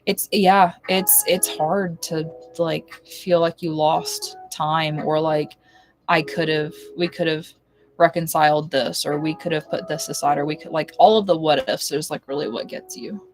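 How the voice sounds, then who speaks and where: A woman's voice: sits low, fairly even intonation, measured pace, soft background music, rough recording. A young woman chatting casually on a home live stream, rambling between topics and cooing baby talk to her cat. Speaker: livestreamer. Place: home, indoors.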